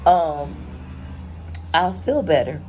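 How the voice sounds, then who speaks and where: Young woman, crying, emotional personal vlog, slightly low voice, faint background noise. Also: sing-song, slow pace, darkish tone, rough recording. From Florida. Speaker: YouTuber.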